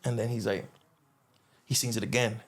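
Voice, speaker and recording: A man's voice: steady tone, normal speed. Rambling man telling a story. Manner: rambling, repeats "boom" and "you know what I'm saying". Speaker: guest. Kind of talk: casual storytelling.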